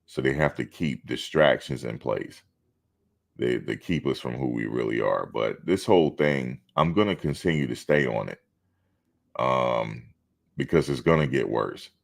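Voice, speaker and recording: Very deep-voiced, blunt man hosting a stream. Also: lively intonation, unhurried, vocal fry. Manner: blunt, outspoken, swears freely. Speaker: live stream host. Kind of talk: casual live stream commentary.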